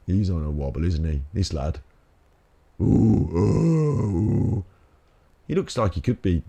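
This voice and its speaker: A man's voice: deep voice, lively intonation, fairly quick, warm tone, slightly rough. A British man giving chatty, rambling let's play commentary, joking and laughing as he plays. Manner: jokey, chatty, laughs often. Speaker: gaming channel host.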